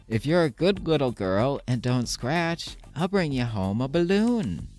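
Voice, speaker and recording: A man's voice: mid-range voice, very animated, unhurried, a little mellow, faint music behind, voice pushed up. A man doing Arthur, a whiny sick young boy. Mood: kind.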